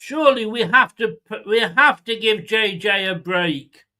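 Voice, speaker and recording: High, bright-voiced sweary football fan. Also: male voice, measured pace. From England. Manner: blunt, sweary, sarcastic and exasperated, talking back to chat. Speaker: fan channel watchalong host. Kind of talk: live match watchalong commentary.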